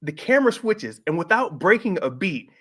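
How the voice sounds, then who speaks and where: A middle-aged man telling a personal story in a casual, animated way, jumping up in pitch when he acts out what people said. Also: normal speed, slightly rough. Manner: animated, acts out quoted voices with pitch jumps. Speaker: host.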